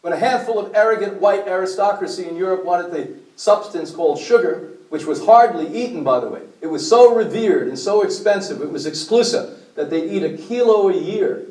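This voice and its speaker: A man with a high voice lectures a group, blunt and preachy, putting questions to his listeners. He is heard from a distance in an echoey meeting room. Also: darkish tone. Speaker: speaker at a health meeting.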